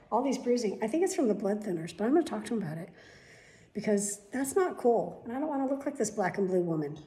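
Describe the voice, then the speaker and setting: Mellow-voiced chatty woman vlogger. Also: medium pitch, big pitch swings, quick pace. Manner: rambling, chatty and candid, with casual swearing. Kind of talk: casual daily vlog chat.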